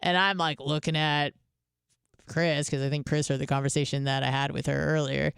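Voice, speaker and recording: Female radio host, smooth clear voice, dry close sound, candid rambling chatter with fillers and swearing. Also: sits low, little pitch movement, normal speed, dry recording. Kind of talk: casual storytelling monologue.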